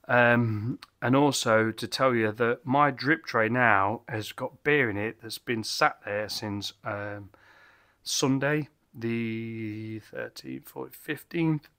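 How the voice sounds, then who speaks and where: A man's voice: medium pitch, a bit bright. A tipsy man rambles and corrects himself while reviewing a beer at a home bar. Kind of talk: casual beer review vlog.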